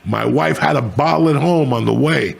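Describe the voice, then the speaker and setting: Gravelly, profane middle-aged man. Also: mid-range voice, moderate pace. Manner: profane, rambling, animated. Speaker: podcast host. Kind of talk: crude casual storytelling.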